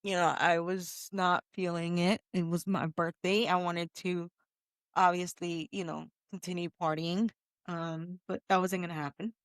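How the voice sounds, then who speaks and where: Woman cohost on a podcast, really low voice, laid back with lots of fillers, dry studio sound. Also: flat delivery, a little slow, no room sound. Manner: low-key, lots of "you know" and "um" fillers. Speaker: podcast co-host. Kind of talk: casual chat.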